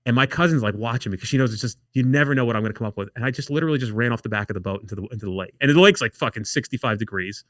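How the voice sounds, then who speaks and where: A man's voice: mid-range voice, very fast, few pauses, dry recording, studio quality. A man on a podcast telling wild stories casually, swearing a lot and acting out what others said. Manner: profane, animated storyteller acting out quotes. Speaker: podcast guest. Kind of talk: casual storytelling.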